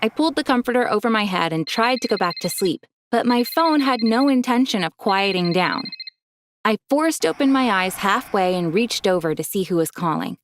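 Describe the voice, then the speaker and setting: A woman's voice: medium pitch, expressive, moderate pace, noisy background. A woman narrating a first-person storytime in a chatty way.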